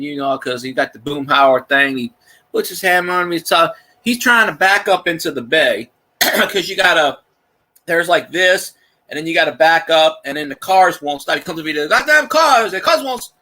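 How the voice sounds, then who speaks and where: Lively rambling Cajun man. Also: fairly high pitch, rough recording. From Louisiana. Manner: rambling storyteller with lots of restarts and colorful swearing. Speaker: livestream host. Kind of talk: casual livestream chat.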